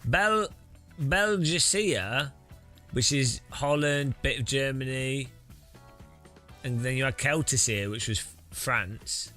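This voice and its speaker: A man's voice: mid-range voice, takes it slowly, sharp tone, faint music behind. A man hosting a sim-racing livestream, rambling and joking with chat and often laughing. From Britain. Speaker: streamer host.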